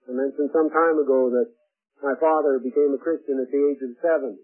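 Older male preacher, earnest sermon with halting "uh" pauses, husky voice, lo-fi phone-like radio sound. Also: medium pitch, steady tone. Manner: earnest, personal storytelling with frequent "uh" pauses. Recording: tinny phone-like radio broadcast.

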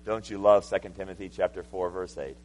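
A man in his thirties preaching a sermon, swinging from loud, emphatic passages to hushed, intimate ones. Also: sits low, little pitch movement, brisk, rough recording. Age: 30s. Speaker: pastor.

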